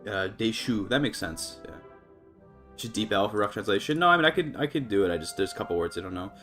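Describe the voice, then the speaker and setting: A man's voice: on the low side, quick pace, soft background music. A man casually commentating a strategy game on a live stream, thinking aloud with many fillers and restarts, breaking into laughs. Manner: laughs often, voice jumps up when excited.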